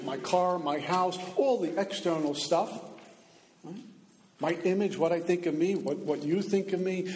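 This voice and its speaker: High-voiced man speaking in an echoey hall. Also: darkish tone. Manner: earnest, acts out the inner voice in asides. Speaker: recovery meeting speaker. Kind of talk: spoken recovery talk. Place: meeting room.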